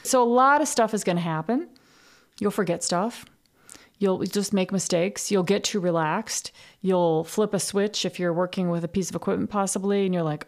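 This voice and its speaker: A woman's voice: medium pitch, normal speed. Woman podcast host, casual monologue, candid, swears, laughs at herself.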